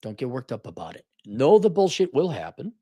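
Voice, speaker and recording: A man's voice: medium pitch, big pitch swings, brisk, dark tone, husky, dry recording. A middle-aged man hosting a livestream, reading out viewer donations and answering them in blunt, profane, sarcastic talk, often slipping into mocking impressions. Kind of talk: casual livestream commentary. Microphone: studio mic in a home room with soundproofing panels.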